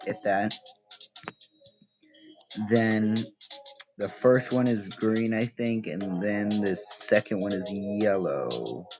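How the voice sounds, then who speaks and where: A young man chatting through a game walkthrough, thinking aloud and correcting himself as he plays. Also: lowish voice. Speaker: gaming video creator. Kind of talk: casual game walkthrough commentary. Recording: dull lo-fi audio with game music. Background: game music.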